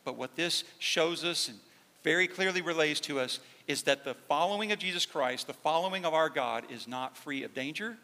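A male pastor preaches in a bright, forceful voice that sits a little high for a man. He drops to hushed, slow emphasis, then climbs to loud, fervent peaks. His words ring out with the long reverb of a church sanctuary. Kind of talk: sermon.

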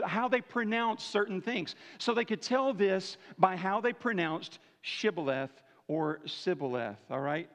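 A man preaching a sermon to his church in a casual, conversational way, checking in with listeners by asking "right?" often. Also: high voice. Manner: conversational preaching, frequent "right?" tag questions. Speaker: pastor. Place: church sanctuary. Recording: dull lo-fi church hall recording.

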